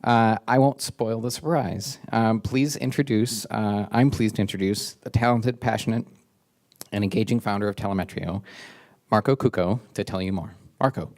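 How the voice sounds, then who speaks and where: A man's voice: lowish voice, fairly even intonation, normal speed, darkish tone. A man introducing the next speaker at an event, hesitant and full of ums and uhs.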